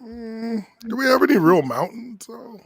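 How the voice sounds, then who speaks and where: Playful, lively co-host with quick quips. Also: male voice, very high-pitched, gravelly, soft background music. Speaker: trivia co-host. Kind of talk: casual banter.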